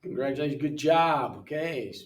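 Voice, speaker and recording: An older man working through an English app lesson in a relaxed way, thinking aloud and reading words off the screen, recorded from away from the mic in a room. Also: fairly high pitch, moderate pace, recorded from a distance. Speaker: missionary English tutor. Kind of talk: casual walkthrough of an app lesson. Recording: roomy sound from away from the mic.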